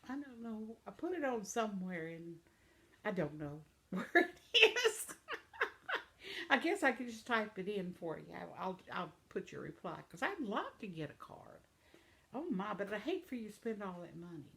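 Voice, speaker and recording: A woman's voice: medium pitch, vocal fry, a bit bright. An older woman hosting a video channel, reading viewer comments aloud in a rambling, chatty way and laughing often. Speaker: vlog host.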